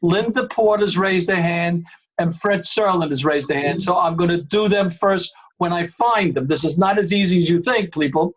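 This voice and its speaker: A man's voice: sits high, normal speed, low-quality recording. A man chairing an online board meeting over a video call, emphatic and calling on members by name.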